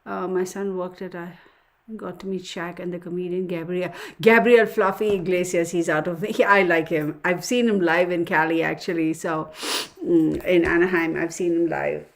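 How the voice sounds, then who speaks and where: A woman's voice: fairly low pitch, fairly even intonation, moderate pace. A woman hosting a casual tarot livestream, chatting with viewers and muttering numbers under her breath as she works. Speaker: tarot reader livestream host.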